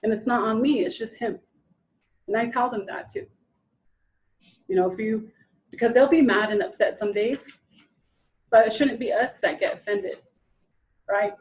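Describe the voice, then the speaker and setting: A woman's voice: medium pitch, rough recording. A woman in her thirties giving an informal training lecture, talking conversationally, restarting sentences and acting out quotes. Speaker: presenter at a training session.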